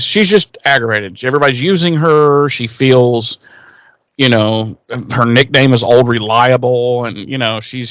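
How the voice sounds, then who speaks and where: A man's voice: medium pitch, a bit bright, dry recording. A man co-hosting a podcast, casually recapping an episode and acting out the characters' lines in a raised, swearing voice. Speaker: podcast co-host.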